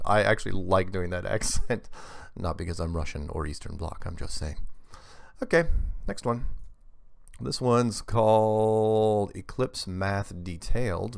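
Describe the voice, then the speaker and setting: Male host, reads listener mail with chatty asides, gravelly low voice. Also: no room sound, clean studio sound. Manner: reads letters aloud, adds asides. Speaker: host reading viewer emails. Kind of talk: casual monologue.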